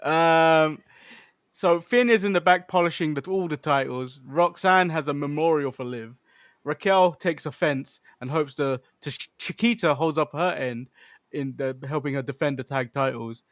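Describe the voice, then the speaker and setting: A man with a fairly high voice recaps wrestling events in a relaxed, plain way. His voice is recorded dry and close, with no room sound. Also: normal speed, dry recording. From United States. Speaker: podcast co-host. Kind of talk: casual recap of a wrestling show.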